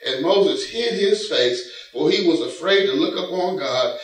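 A man delivers a sermon at an unhurried pace, folksy and returning again and again to one phrase. He is heard from a distance in a very echoey church, with faint music underneath. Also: on the high side, expressive. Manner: folksy preaching, repeats a catchphrase, reads scripture aloud. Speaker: pastor. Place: church sanctuary.

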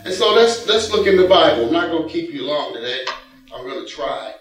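A man's voice: on the high side, very animated, a little fast, fairly bright tone. A man preaching a folksy sermon, repeating a catchphrase and reading scripture aloud. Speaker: pastor. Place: church sanctuary. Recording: echoey church hall from a distant mic with faint music.

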